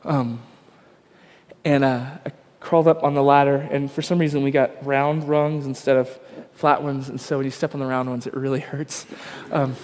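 A man's voice: medium pitch, little pitch movement, moderate pace, darkish tone, big-room sound. A man, probably in his thirties, preaching a sermon in a conversational, self-deprecating storytelling way with frequent fillers. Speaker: pastor.

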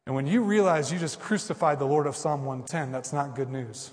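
Fired-up preacher guy, kinda high voice, loud bursts then hushed bits, big echoey church sound. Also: brisk, few pauses. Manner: impassioned, swings from loud outbursts to hushed asides. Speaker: pastor. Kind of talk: sermon. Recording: long hall reverb.

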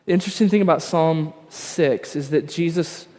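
A man's voice: a little high, moderate pace, a little mellow, big-room sound. A man, probably in his thirties, preaching a sermon in a conversational, self-deprecating storytelling way with frequent fillers. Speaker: pastor.

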